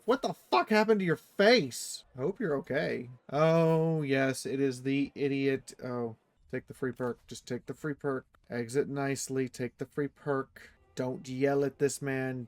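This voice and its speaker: A man streaming a strategy game, reading the event text aloud and reacting playfully, jumping into sudden high squeals. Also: dry recording. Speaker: let's play streamer.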